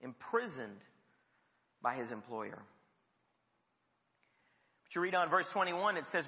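A man preaching a sermon, telling the story lively and dropping his voice low for emphasis. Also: slow pace, long pauses, in a large hall. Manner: storytelling with sudden drops to a near whisper.

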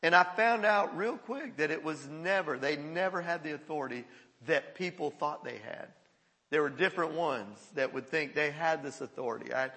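A male pastor telling stories in a sermon, animated and often chuckling. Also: fairly high pitch. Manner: animated storytelling with frequent chuckles. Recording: echoey hall.

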